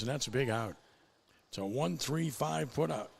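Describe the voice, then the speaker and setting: A man calling baseball play-by-play, his voice rising sharply in pitch and volume on big plays. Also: animated, normal speed, gravelly, slight background noise. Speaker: play-by-play announcer.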